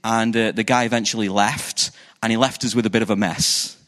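A man's voice: lowish voice, steady tone, a little fast, fairly bright tone, in a large hall. A middle-aged man from England with a Stoke-on-Trent accent, a pastor giving a chatty, self-deprecating conference talk full of "um"s and restarts. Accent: Stoke-on-Trent English. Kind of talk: conference talk to a live audience.

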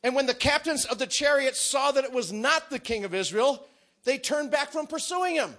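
Animated, high-voiced man preaching a story. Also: normal speed. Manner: acts out characters with shouts and whispers.

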